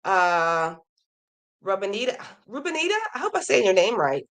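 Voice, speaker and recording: Her voice runs low with big pitch swings, normal speed, and a fairly bright tone as she hosts her crochet podcast. Chatty and enthusiastic, she reads viewer emails and raves about their projects, her voice slightly worn and fading.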